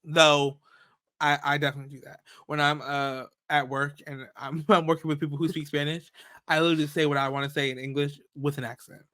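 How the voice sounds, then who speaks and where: Bright-voiced man, animated podcast co-host. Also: fairly high pitch, no room sound. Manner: animated, playful storytelling with quick asides. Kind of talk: casual chat.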